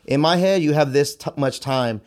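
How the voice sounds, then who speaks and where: A man's voice: on the high side, moderate pace, a little mellow. A young man, a martial arts instructor, talking candidly in a casual conversation and telling stories from his teaching and fatherhood. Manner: candid, storytelling, repeats phrases.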